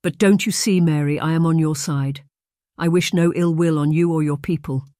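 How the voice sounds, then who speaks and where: A woman's voice: low-pitched, steady tone, normal speed, mellow, no echo, clean studio sound, close to an everyday voice. A narrator voicing a dignified noble lady who speaks formally, trying to keep her composure. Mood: earnest. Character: noble English lady, composed yet shaken.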